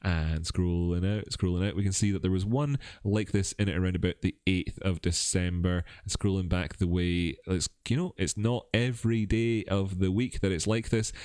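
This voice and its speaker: Low-voiced Scottish man, chatty and rambling. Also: fairly even intonation, normal speed, hardly any pauses, a little mellow, no room sound, studio quality. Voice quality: a bit rough voice. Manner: rambling, self-mocking, chatty asides. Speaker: crypto livestream host. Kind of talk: casual live chart analysis.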